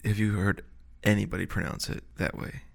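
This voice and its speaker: A man's voice: lowish voice, steady tone, a little fast, gravelly. A man from Chicago, a podcast co-host, musing in casual chat with wordy asides.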